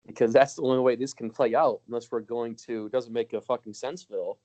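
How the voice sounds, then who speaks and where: A man's voice: medium pitch, fairly even intonation, a little fast, hardly any pauses, mellow, muffled recording. A man co-hosting a casual podcast, ranting with lots of swearing and frequent laughter. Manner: ranting, profane, laughs often. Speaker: podcast co-host.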